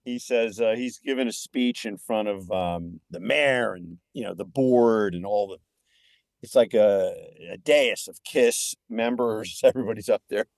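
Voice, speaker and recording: Excitable older man telling stories. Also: on the low side, a little slow, no room sound, studio quality. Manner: animated, excitable storyteller. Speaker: guest filmmaker. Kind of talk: casual podcast chat.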